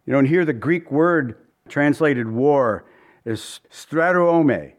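A man's voice: on the high side, animated, slow. A man preaching a sermon as pastor, earnest and conversational, pleading at times with his listeners. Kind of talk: expository sermon.

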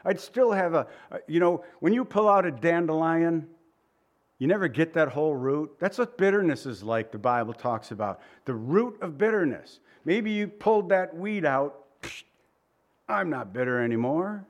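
Male pastor, chatty sermon delivery, a touch high-pitched, quick quoted asides. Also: expressive. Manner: conversational preaching with quoted asides and rhetorical questions.

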